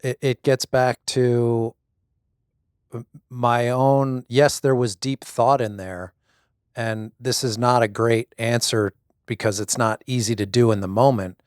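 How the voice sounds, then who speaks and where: A man's voice: medium pitch, fairly even intonation, slow, smooth, no echo, clean studio sound. A middle-aged man reflecting thoughtfully and hesitantly in a casual conversation, often restarting his sentences. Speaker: guest, husband.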